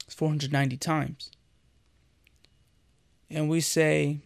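A man's voice: on the high side, slow, vocal fry, pauses often. A man giving an earnest, conversational sermon as a devotional host, speaking directly to the listener.

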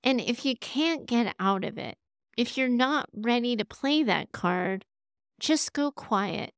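A woman hosts an advice podcast, speaking straight to her listeners and laughing now and then. Her voice sits a little on the high side. The sound is close and dry, with no room around it. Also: animated, takes it slowly, clear, resonant tone, no room sound. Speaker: podcast host.

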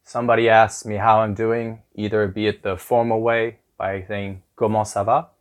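A man's voice: lowish voice, little pitch movement, moderate pace. A man hosting a podcast language lesson as a teacher, upbeat and repeating phrases with exaggerated rising intonation.

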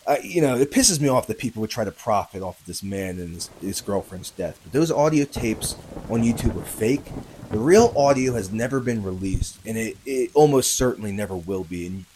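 A man's voice: lowish voice, lively intonation, normal speed, slight background noise, low-quality recording. A man hosting a podcast, narrating a true story in a casual, conversational way, talking straight to his listeners and pushing harder at the tense moments. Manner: conversational, addresses listeners, many fillers and tag questions; grows louder and more urgent at tense moments.

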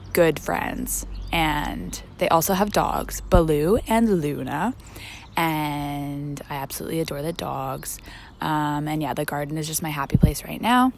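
Low-voiced chatty young woman vlogging. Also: gravelly, a little hiss or hum. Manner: chatty, lots of fillers and "like". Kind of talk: casual storytelling vlog.

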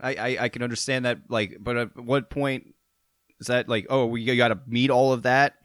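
A man's voice: mid-range voice, fairly even intonation, normal speed, a bit bright, no echo, studio quality. A man co-hosting a podcast who laughs often and restarts his thoughts while chatting. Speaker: podcast co-host. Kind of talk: casual banter. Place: table in a dry studio room.

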